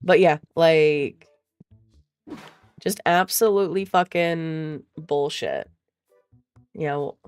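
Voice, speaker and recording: A woman's voice: sits low, slow, long pauses, darkish tone, smooth, dry recording, soft background music. A woman talking in a casual chat, venting in a profane, exasperated way. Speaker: streamer.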